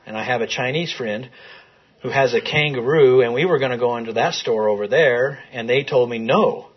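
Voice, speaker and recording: A gentle father making light of a grim sight for his son, playful and joking, as a male teacher reads his lines aloud. The voice is a little husky, heard on a dull, lo-fi recording. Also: mid-range voice, moderate pace, natural voice.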